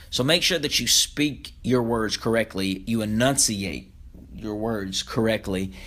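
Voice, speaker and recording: A man's voice: mid-range voice, fairly bright tone. A man teaching a speech communication lecture as a podcast, explaining points plainly with occasional fillers.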